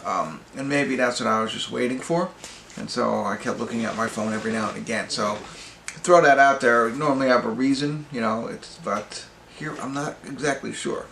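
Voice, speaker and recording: Guy rambling thru a movie review, lots of ums, raspy edge, roomy echo, faint background hum. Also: mid-range voice, moderate pace, fairly bright tone. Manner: rambling, hesitant, many fillers and restarts. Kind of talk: casual spoken movie review. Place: pub.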